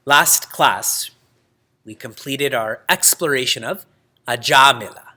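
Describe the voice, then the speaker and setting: A man teaching a scripture class, telling stories in a lively way, laughing often and using Sanskrit terms. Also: mid-range voice, takes it slowly. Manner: lively storytelling with frequent laughs. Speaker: spiritual teacher.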